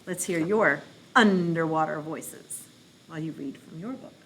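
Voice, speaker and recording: A woman who is a children's librarian and an adult parent hosts a playful read-aloud program for kids, speaking a little slowly in a low voice. She is animated, silly and encouraging, and the recording has a bit of hiss or hum.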